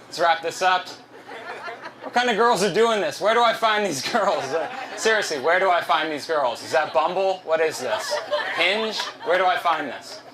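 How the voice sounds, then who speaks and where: A man's voice: sits high, animated, moderate pace, background noise. A man doing a stand-up comedy set at a live venue, loose, profane and self-mocking, on a handheld stage mic.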